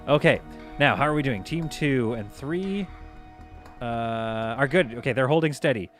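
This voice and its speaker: A man commentating live over a space strategy game, giving orders to his crew and reacting out loud as things go wrong. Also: mid-range voice, unhurried, soft background music. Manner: excitable, talks to himself and his crew while playing. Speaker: gaming streamer.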